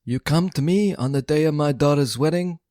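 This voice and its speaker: A man putting on a gruff mafia don. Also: a little high, a little fast, mellow, pitched above the performer's own voice, natural voice. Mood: menacing. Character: gruff mafia boss parody, male, older, menacing.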